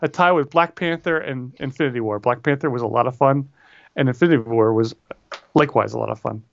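A man's voice: medium pitch, quick pace, gravelly. A man co-hosting a casual podcast chat, rambling and correcting himself with wry asides. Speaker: podcast co-host. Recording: dull lo-fi audio.

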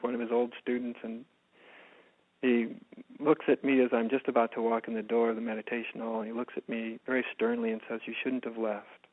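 Soft-spoken man on a phone-like line. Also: mid-range voice. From United States. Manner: soft-spoken, halting with many restarts. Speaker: spiritual teacher. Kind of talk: reflective storytelling in interview. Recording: phone-like narrow band.

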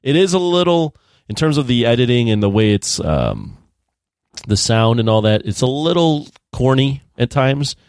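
A man on a podcast speaking in halting, stop-start phrases, often repeating his words before he gets them out. His voice sits in a middle range and sounds dry and right up close. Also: medium pitch, big pitch swings, darkish tone, dry recording. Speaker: podcast co-host. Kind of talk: casual chat.

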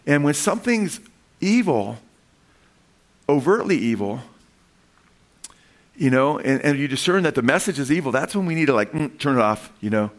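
Man, pastor, sermon, conversational, frequent restarts, mid-pitched voice. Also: moderate pace, pauses often. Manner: animated and conversational, with frequent restarts and rising emphasis.

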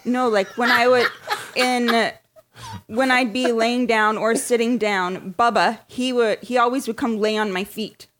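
A woman's voice: fairly high pitch, steady tone, measured pace, a bit bright, slight background noise. Laughing, casual woman on a podcast. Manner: laughing, casual storytelling with swearing. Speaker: podcast co-host. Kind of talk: casual chat.

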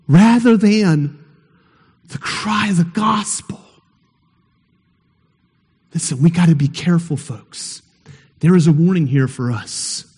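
A man preaching a sermon as pastor, emphatic and building to shouts at the high points. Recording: long hall reverb.

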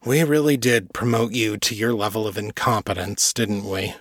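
A man voicing a weary, sardonic male wolverine-man police captain in a lowish voice. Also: steady tone, normal speed, fairly bright tone, dry recording, clean studio sound. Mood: weary scorn. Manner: sardonic, sighing.

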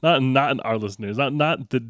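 A man's voice: mid-range voice, normal speed, a bit bright, dry recording, studio quality. A man co-hosting a casual tech podcast, joking and laughing often. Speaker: podcast co-host.

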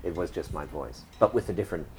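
A middle-aged man, a podcast guest, telling stories in a relaxed way with trailing restarts. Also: sits low, quick pace, a little hiss or hum. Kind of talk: podcast interview.

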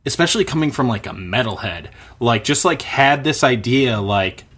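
A man's voice: mid-range voice, lively intonation, normal speed, fairly bright tone, breathy edge. A man in his thirties chatting casually, rambling and searching for words with lots of filler. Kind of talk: casual chat.

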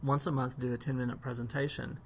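Creaky-voiced male co-host, chatty and joking. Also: mid-range voice, level tone, fast talker, slight background noise. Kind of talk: casual podcast conversation.

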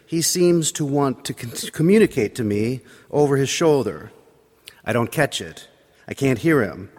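A man's voice: mid-range voice, animated, measured pace, darkish tone. Man telling a wry story in a reverberant hall. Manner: wry, self-deprecating narration. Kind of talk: personal storytelling sermon.

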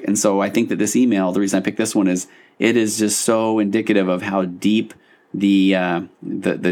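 A man's voice: fairly low pitch, a little mellow. A man, a marriage therapist, reading a listener's email on his podcast and breaking off to comment in a conversational, self-interrupting way with wry asides.

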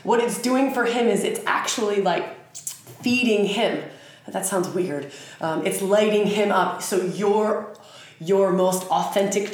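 Slow, frank woman in an echoey room. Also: mid-range voice. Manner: earnest, frank, swears casually. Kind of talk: casual spiritual talk.

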